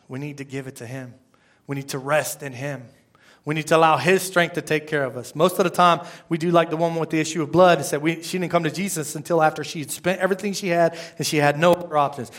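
Animated preacher, man. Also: a little high. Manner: animated, conversational preaching with rhetorical questions; slows to a measured pace when reading scripture. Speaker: pastor. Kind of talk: sermon.

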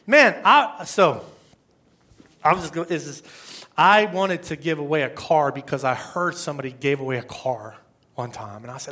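A man's voice: fairly high pitch, expressive, normal speed, long pauses, pushed and bright. A man, a pastor, giving a conversational sermon, rambling, repeating words and asking the congregation questions.

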